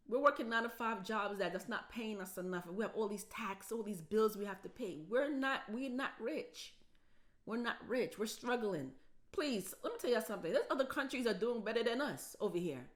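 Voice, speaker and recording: A woman's voice: a little high, lively intonation, moderate pace. A woman from the United States telling a story in a casual vlog, emotional and repetitive, her voice cracking with tears. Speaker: vlogger.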